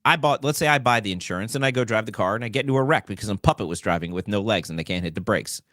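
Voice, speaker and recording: Animated male host, very expressive pitch, rambling commentary, dry mic. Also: racing, no room sound. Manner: animated, rambling, full of fillers and asides. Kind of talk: political commentary talk show.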